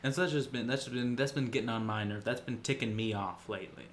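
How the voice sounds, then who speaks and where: A man's voice: mid-range voice, quick pace, slight background noise. A man co-hosting a podcast in casual chat, rambling and jokey, mocking himself with a grin. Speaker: podcast co-host.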